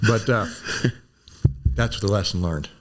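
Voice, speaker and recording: An older man in his sixties, a former Army medic, telling animated stories in a relaxed conversation and acting out other people's voices. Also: on the low side, slow pace. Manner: animated storyteller, acts out voices. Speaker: guest, former Green Beret physician. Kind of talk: storytelling in a conversation.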